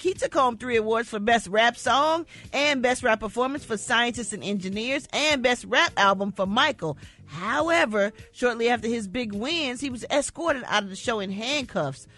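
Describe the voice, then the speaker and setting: A woman reading entertainment news on a morning radio show in an animated, chatty, outspoken way. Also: fairly high pitch. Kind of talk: casual radio chat.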